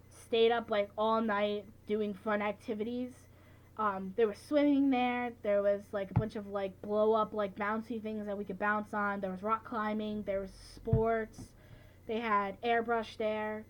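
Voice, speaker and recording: A young woman in her late teens talks through her memories in a relaxed vlog. Her voice sits at a middle pitch and stays fairly flat in intonation. She is chatty and keeps filling her sentences with "like" and "you know". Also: slight background noise, poor audio. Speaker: vlogger. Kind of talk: casual vlog recap.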